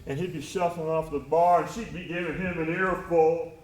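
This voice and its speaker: Guy doing a one-man stage monologue, kinda high voice, reflective, echoey theater. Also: fairly even intonation, normal speed, a little mellow. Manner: reflective storytelling, tender and wry. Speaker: solo stage performer. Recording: echoey live theater recording.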